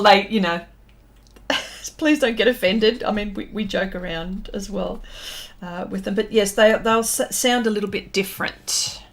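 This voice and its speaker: With a mid-range voice, an Australian pastel artist keeps up casual chat with her live stream viewers as she paints, reading their comments aloud and thanking them.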